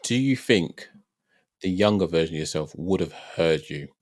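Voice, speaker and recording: A man's voice: low voice, expressive, moderate pace, darkish tone. A man hosting a podcast, asking probing follow-up questions in a casual interview. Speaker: podcast host.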